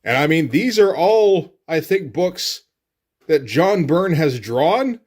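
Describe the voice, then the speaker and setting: A man talks through a comic book issue page by page in a relaxed, offhand way. His voice sits a little high for a man. His delivery is loose and chatty, with casual swearing dropped in. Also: takes it slowly. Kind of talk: casual solo commentary.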